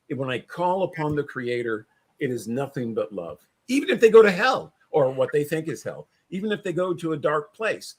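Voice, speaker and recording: Speaking in a husky voice on the high side, a male paranormal investigator chats casually as a podcast guest, rambling, preaching and going over the same points repeatedly.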